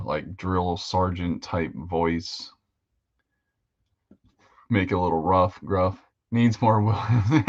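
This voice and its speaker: Deep-voiced, easygoing male hobby-stream host. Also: muffled recording. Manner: rambling and easygoing, with fillers. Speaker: host of a live hobby painting show. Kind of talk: casual livestream chat while painting models.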